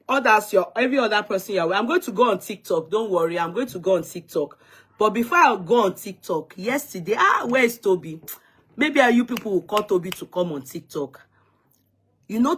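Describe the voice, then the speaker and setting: A woman's voice: medium pitch, fairly bright tone, slightly rough. A Nigerian woman hosting a casual livestream, chatty and teasing, greeting viewers by name and switching into Yoruba and Pidgin. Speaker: livestream host.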